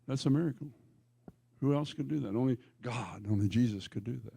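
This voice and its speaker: Gravelly-voiced male pastor preaching. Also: mid-range voice, brisk, dark tone, no echo. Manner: emphatic storytelling with jokey asides and self-corrections. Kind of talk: sermon. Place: church.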